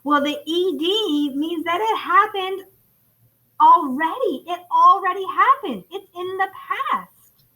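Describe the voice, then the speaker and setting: An American woman teaches a first grade phonics lesson in a recorded classroom, encouraging the children and calling them friends. Her pitch is extremely high, her speech slow and expressive, pushed and bright. The recording is rough.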